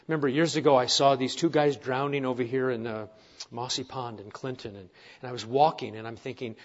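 A man's voice: medium pitch, fast talker, highs cut off. A man preaching a sermon to his congregation, earnest, with rhetorical questions and wry asides. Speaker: pastor.

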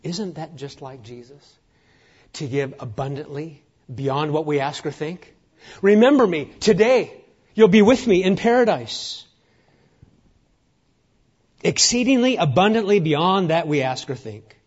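A man preaching a sermon, emphatic and rousing, sometimes dropping to a hushed near-whisper. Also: on the high side, lively intonation, a little slow, long pauses, breathy edge, muffled recording. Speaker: pastor.

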